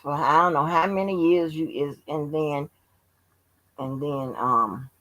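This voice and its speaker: A woman's voice: deep voice, measured pace, fairly bright tone, rough recording. A sleepy woman hosting her channel, chatting casually in a drawling, profane, yawning way. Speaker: channel host. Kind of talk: casual late-night chat.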